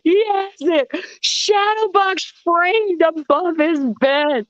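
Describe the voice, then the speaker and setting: A woman guest vocalist telling stories in a casual interview, animated and acting out the people in them. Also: very high voice, slow, dry recording, dull audio. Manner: animated, acts out voices in anecdotes.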